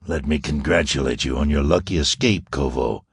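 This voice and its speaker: Guy doing smooth villain voice, soft and deep, sly and mocking, dry close sound. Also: very animated, a little slow, no echo, heavily acted. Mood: coolly mocking.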